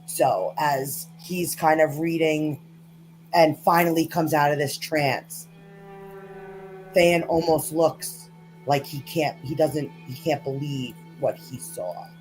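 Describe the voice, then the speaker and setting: Slow-talking woman game master. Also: low voice, fairly even intonation, darkish tone, soft background music, low-quality recording. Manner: casual, halting, many fillers. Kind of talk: narrating a tabletop game.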